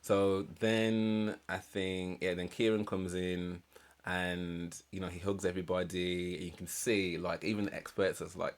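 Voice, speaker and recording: Low-voiced man musing aloud. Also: little pitch movement, a little slow. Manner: reflective, rambling, many fillers and restarts. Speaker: reaction channel host. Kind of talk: casual reaction commentary.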